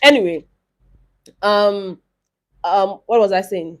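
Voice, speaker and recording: A woman's voice: mid-range voice, measured pace, pauses often. A young woman, chatting casually in a vlog as she recaps a reality show, rambling and retelling scenes.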